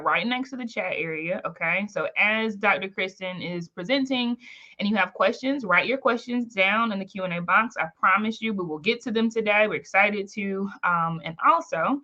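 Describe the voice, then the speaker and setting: A woman hosting a live webinar with lively energy, calling out chat names and welcoming everyone in. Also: mid-range voice, normal speed, lo-fi sound. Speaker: webinar host. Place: home, in Maryland.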